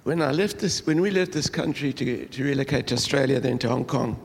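A man's voice: medium pitch, a little fast, vocal fry, husky, big-room sound. An older man from Durban, a pastor opening a sermon in a jovial, rambling way and laughing often, tired from lack of sleep. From South Africa (Durban). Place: church hall.

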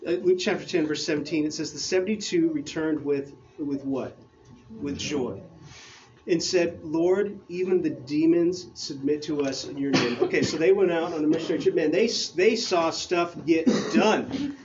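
A man with a high voice preaches a casual, conversational sermon, getting excited, dropping slang and stumbling over his words as he reads scripture aloud. The sound is a bit dull, with faint room noise behind him. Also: normal speed.

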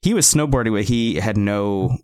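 A man's voice: fairly low pitch, normal speed, darkish tone, clear, resonant tone, no room sound, clean studio sound. A man in his thirties casually recapping a show as a podcast co-host, joking loosely and lifting his voice to quote lines. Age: 30s.

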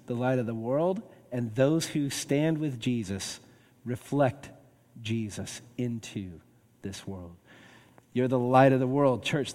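A pastor delivers a sermon in a mid-range voice, emphatic and swinging between raised and hushed tones. The sound has the feel of a big room.

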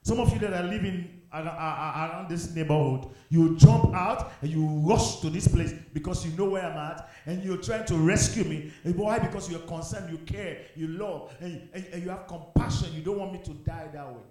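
Man preaching a fervent sermon, mellow voice, lots of church echo. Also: fairly high pitch, moderate pace, few pauses. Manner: fervent, repetitive preaching with rhetorical questions. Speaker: pastor. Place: empty church. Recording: very echoey church room.

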